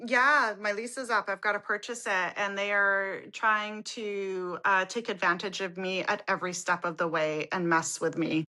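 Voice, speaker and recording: A woman's voice: mid-range voice, steady tone, moderate pace, few pauses, pushed and bright. A woman co-hosting a casual podcast chat, telling stories with animation and acting out the people in them. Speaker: podcast co-host.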